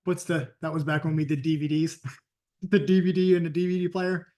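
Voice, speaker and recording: Casting: man, sales coach, emphatic storyteller, voice sitting a bit high. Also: little pitch movement, fairly quick, a little mellow. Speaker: sales and network marketing coach. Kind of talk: motivational training talk.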